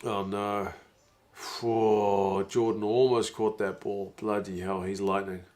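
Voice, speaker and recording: A man casually chatting on a live stream, reading viewer comments aloud and reacting to a rugby match, with frequent chuckles and bursts of excitement at big plays. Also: lowish voice, takes it slowly.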